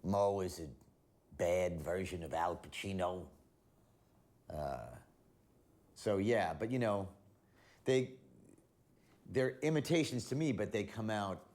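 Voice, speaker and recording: A man with a low voice gives a documentary interview. He muses casually about his craft, with an easy delivery. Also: slow pace, pauses often, darkish tone. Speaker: voice actor.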